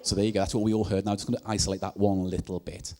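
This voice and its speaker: A man doing stand-up comedy at a live show, telling stories in an animated way and laughing at his own jokes. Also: sits low, rapid-fire, very noisy. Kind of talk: comic storytelling on stage. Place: live comedy night in a venue.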